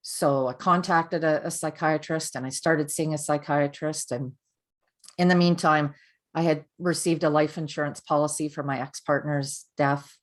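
A woman's voice: low-pitched, fairly even intonation, moderate pace. A middle-aged woman, a podcast guest, recounting her personal story candidly and earnestly, often restarting her sentences.

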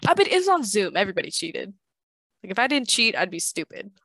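A woman in a relaxed podcast conversation, teasing and quick with a joke. Her voice sits at an ordinary pitch and sounds close and dry, with almost no room around it. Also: no room sound. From lived in France. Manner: playful, teasing, demonstrates French pronunciation. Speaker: podcast guest. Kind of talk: casual chat.

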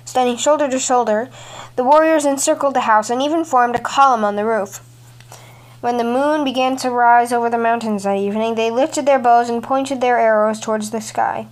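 A woman's voice: a little high, fairly even intonation, moderate pace. Woman narrating a fairy tale. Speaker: storytelling podcast host. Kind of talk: scripted storybook narration.

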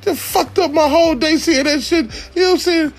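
A man, a father and rideshare driver, telling a profane comic story, shouting high then muttering low. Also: a little fast. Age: adult father.

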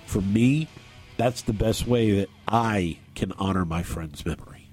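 A man hosting a talk radio show, speaking earnestly and haltingly, often restarting his sentences. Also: fairly low pitch, a little mellow, soft background music. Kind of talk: talk radio, on-air remarks. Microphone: studio microphone.

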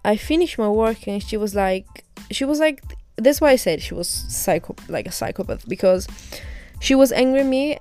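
A woman's voice: on the high side, animated, a little fast, darkish tone, soft background music. A young woman hosting her own podcast, candidly retelling a bad experience in a casual, indignant way with some swearing. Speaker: podcast host. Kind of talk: casual storytelling monologue.

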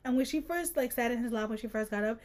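High-voiced sarcastic young woman. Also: fast talker. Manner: sarcastic, animated, frequent laughter. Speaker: podcast co-host. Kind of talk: casual book-discussion podcast.

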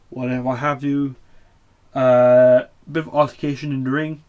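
A man's voice: medium pitch, level tone, moderate pace, darkish tone. Blunt, swearing man recapping. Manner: blunt, swears, opinionated, many fillers. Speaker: wrestling podcast host. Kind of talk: casual weekly show recap.

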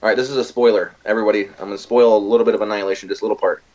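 A man co-hosting a casual podcast chat, retelling a film in a rambling, profane, animated way. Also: lowish voice, very fast, dull audio. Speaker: podcast co-host.

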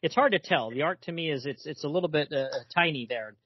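A man's voice: a little high, fast talker, husky, no echo, lo-fi sound. A man co-hosting a comics podcast in casual chat, talking in a hesitant, chatty way with many fillers.

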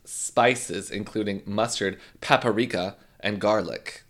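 A man's voice: lowish voice, slow, a bit bright. A man in casual chat with a friend, campy and teasing, laughing often.

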